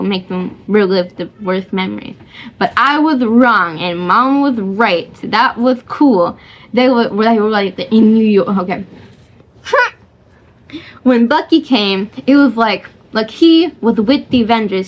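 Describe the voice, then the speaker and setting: A woman rambling casually about a film she watched, hesitant and giggly, full of fillers and restarts. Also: fairly high pitch. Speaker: vlogger reviewing a film.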